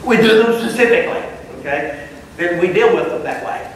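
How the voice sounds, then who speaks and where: A man's voice: high-pitched, lively intonation, fairly quick, a little hiss or hum. A man teaching a Bible class, reading verses aloud and explaining them phrase by phrase. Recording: distant mic in a very echoey room.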